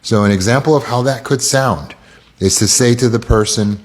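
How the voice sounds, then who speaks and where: A man's voice: mid-range voice, normal speed. A man with an American accent giving a casual self-help talk, acting out quoted lines in shifting voices.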